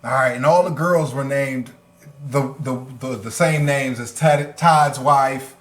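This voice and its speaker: A man in casual podcast chat, retelling wrestling segments with lots of swearing and animated storytelling. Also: mid-range voice, unhurried, roomy sound, noisy background. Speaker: podcast co-host.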